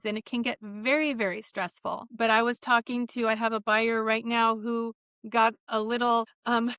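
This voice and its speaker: A woman's voice: on the high side, a bit bright, no echo, studio quality. A woman real estate agent co-hosting a casual podcast, talking in a chatty, rambling, upbeat way.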